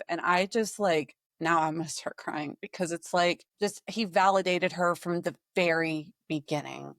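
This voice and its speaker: A young woman with a lower-pitched voice, talking books on a podcast in a relaxed, chatty way. She is recorded dry and close, with no room sound. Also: moderate pace, hardly any pauses, no room sound. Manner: chatty, frequent agreeing and laughing. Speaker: podcast co-host. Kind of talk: casual book-recap chat.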